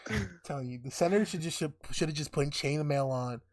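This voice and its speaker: A man's voice: on the high side, lively intonation, a little fast, dry recording, studio quality. A young man hosting a podcast, animatedly telling a made-up story, laughing and swearing often. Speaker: podcast host. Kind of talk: casual chat.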